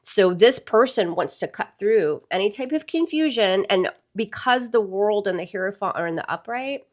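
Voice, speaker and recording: A woman's voice: medium pitch, expressive, normal speed. A woman reading tarot cards for her viewers in a casual, chatty way. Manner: chatty, addresses viewers as "y'all". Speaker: tarot reader.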